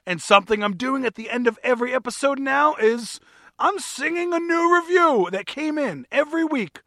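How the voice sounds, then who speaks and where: Cheery guy hosting his podcast, high lively voice, bit of gravel, dry close sound. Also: normal speed, no echo. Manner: upbeat, jokey, self-mocking. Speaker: podcast host. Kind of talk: solo podcast chat.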